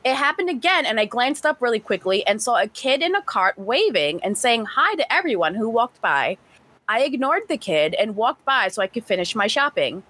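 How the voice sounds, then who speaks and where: A woman podcast host reading a story aloud and chatting, animated and swearing casually. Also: fairly high pitch, normal speed.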